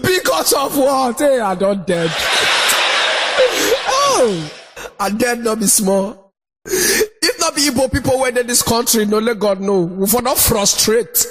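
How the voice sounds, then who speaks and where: A man with a Nigerian Pidgin accent, doing animated stand-up storytelling and shouting his punchlines. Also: very high-pitched, a little slow, slightly rough, faint music behind. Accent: Nigerian Pidgin English. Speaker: stand-up comedian. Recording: noisy recording.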